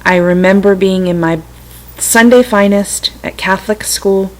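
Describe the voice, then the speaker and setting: A middle-aged woman talking gently and reflectively to her computer's webcam at home, with self-amused asides. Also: mid-range voice, fairly even intonation, unhurried, low-quality recording. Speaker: vlogger sharing personal stories. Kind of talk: casual spiritual talk to camera. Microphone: computer webcam mic.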